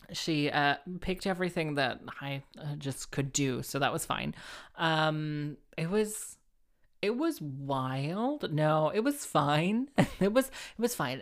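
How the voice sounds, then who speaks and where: This low-voiced woman, a harpist hosting a solo show, drifts through a relaxed monologue. Chatty and giggly, she pokes fun at herself, laughs often and stumbles over filler words and restarts.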